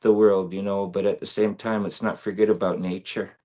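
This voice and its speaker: A man's voice: lowish voice, little pitch movement, fairly quick, mellow. A man talking earnestly and reflectively as a guest on a video-call interview, with many fillers. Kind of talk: casual interview talk.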